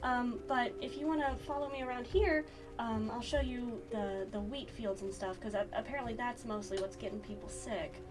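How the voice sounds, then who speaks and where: A woman's voice: a little high, steady tone, moderate pace, lightly acted. A woman voicing a polite young woman who runs her family's farm and keeps apologizing. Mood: apologetic. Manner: soft and apologetic. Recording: distant mic with music behind.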